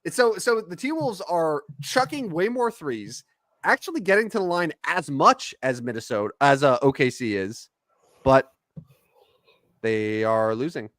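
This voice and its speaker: A man co-hosting a sports podcast, chatting casually about basketball stats and players with an animated delivery. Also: a little high, a little slow, no room sound. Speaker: podcast co-host. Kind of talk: casual sports chat and game commentary.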